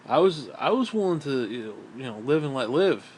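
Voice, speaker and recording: A man's voice: medium pitch, sing-song, brisk, a little mellow, a little hiss or hum. A middle-aged man in a casual monologue, ranting in a bitter, profane, rambling way. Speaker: vlogger.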